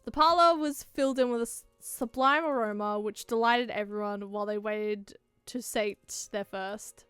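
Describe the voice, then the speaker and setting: A giggly young woman narrates a visual novel and chats between lines. Her voice is smooth and fairly high. The sound is close and dry. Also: normal speed, hardly any pauses, fairly bright tone, dry recording, soft background music. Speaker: host of a read-along channel.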